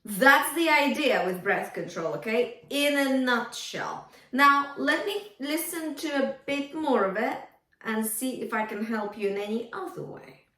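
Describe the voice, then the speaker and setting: A woman's voice: a little high, measured pace, sharp tone. A woman vocal coach giving encouraging feedback on singing, now and then singing short phrases to demonstrate. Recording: roomy, from a distance.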